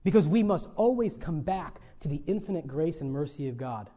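A man preaching a sermon as pastor, earnest and pleading, with swings between loud emphasis and quiet asides. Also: on the high side, expressive, a little fast, breathy edge.

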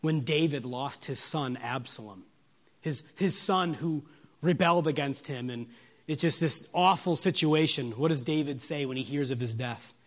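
A man preaching an expository sermon. He asks his listeners rhetorical questions and moves from soft, low lines to raised, emphatic ones. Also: normal speed. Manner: lingers on single words for weight.

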